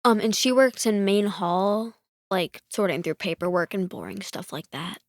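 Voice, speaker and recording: Woman, casual chat, rambling, lots of fillers, mid pitch, dry sound. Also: moderate pace, no room sound. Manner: rambling, filler-heavy retelling. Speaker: podcast guest.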